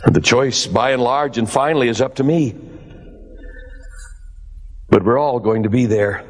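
A man preaching a sermon with dramatic swings of pitch and emphasis, calling his listeners "my dears.". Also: a little slow, faint music behind. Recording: long hall reverb.

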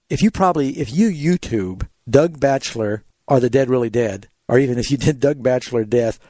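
A man's voice: medium pitch, darkish tone, no room sound. Man hosting a call-in Bible radio show. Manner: explanatory, tells anecdotes, measured.

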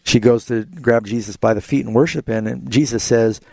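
Gravelly Bible call-in radio host, man. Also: medium pitch, moderate pace, darkish tone, no echo. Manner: earnest, explanatory, quotes scripture.

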